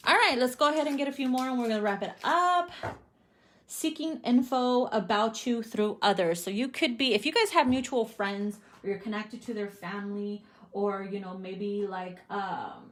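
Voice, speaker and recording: A woman's voice: a little high, fairly bright tone. A woman giving a casual tarot reading, swearing freely and laughing often. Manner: profane, bubbly, laughs often. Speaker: tarot reader.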